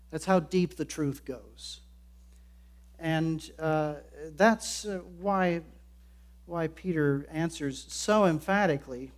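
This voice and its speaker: A man preaching a sermon in an earnest way, slipping into quoted voices as he explains the passage. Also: a little high. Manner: earnest, acts out quoted lines. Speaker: pastor.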